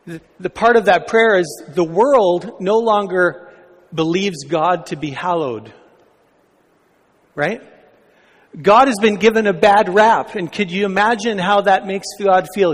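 A man's voice: sits high, a little slow. Conversational male pastor in a reverberant hall. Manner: conversational, asks the congregation questions. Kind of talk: sermon.

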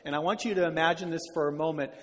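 A man preaching a sermon, telling a story earnestly and slowing down on key words. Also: a little high, steady tone, in a large hall. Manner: earnest, slows down for emphasis.

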